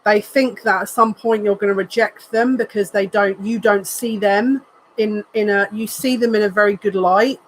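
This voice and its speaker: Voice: medium pitch, steady tone, normal speed, slight background noise, low-quality recording. A psychic reader giving a live tarot card reading in an earnest, emotional way, repeating phrases and thinking aloud as they turn the cards. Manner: emotional, says they are near tears.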